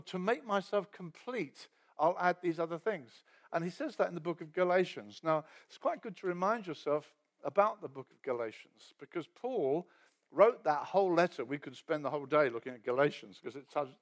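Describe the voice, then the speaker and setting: A man preaching a sermon in a conversational storytelling way, often dropping to a soft aside and acting out quoted voices. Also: a little high.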